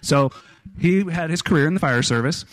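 A man's voice: a little high, fairly quick. A middle-aged man from Kansas telling family stories on stage in a wry, joking way. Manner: wry, joking, acts out voices in quotes. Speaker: storyteller. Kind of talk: live storytelling on stage.

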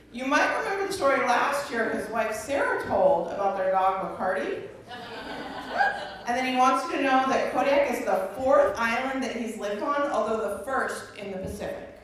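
A woman's voice: on the high side, moderate pace. A woman hosting a live storytelling event, introducing the next speaker in a friendly, informal way. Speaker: event host. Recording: echoey hall, distant mic, audience noise.

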